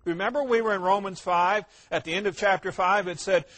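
A man with a high-pitched voice delivers a sermon as a pastor. He asks rhetorical questions and answers them firmly, swinging from loud emphasis to hushed, low asides. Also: steady tone, fairly quick.

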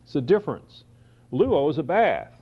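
A man teaching the Bible verse by verse, reading scripture slowly and then explaining it in quick asides. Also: fairly high pitch, big pitch swings, slightly rough. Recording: dull lo-fi recording.

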